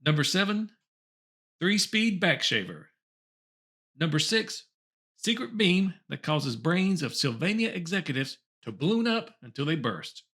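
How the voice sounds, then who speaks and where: A man's voice: fairly high pitch, very animated, measured pace, pushed and bright. A man hosting a comedy show, reading old top ten lists aloud with chuckles and wry asides. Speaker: host.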